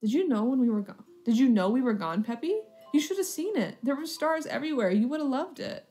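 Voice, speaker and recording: A woman's voice: sits high, lively intonation, brisk, mellow, soft background music, voice pushed up. A woman voicing a cheerful, affectionate young woman in a story game, talking in a bubbly, doting way.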